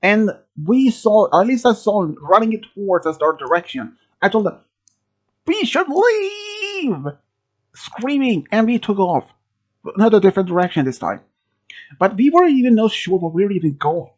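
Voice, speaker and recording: A storyteller from Sweden telling a first-person horror story, halting, with restarts and phrasing. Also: mid-range voice, expressive, a little mellow. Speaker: channel host telling a story.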